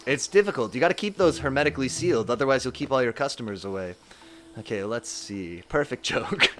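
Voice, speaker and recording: A man's voice: medium pitch, expressive, a little fast, fairly bright tone, slight background noise. A young man from Southern California chatting casually and joking while he streams a game, laughing often. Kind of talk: casual live-stream chat while gaming.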